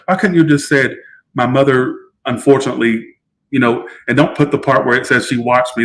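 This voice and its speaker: A man's voice: mid-range voice, fairly even intonation, brisk, slight background noise, rough recording. A man giving a casual live-stream tarot reading, chatty and emotional, swearing freely. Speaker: tarot reader.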